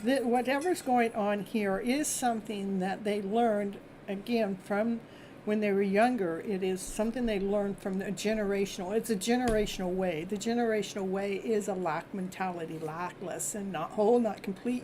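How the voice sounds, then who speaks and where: A woman hosting a live tarot reading, chatty and reassuring, often clearing her throat and laughing as she talks. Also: mid-range voice, moderate pace, mellow, a little hiss or hum. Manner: repetitive, reassuring phrasing. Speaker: tarot reader and host.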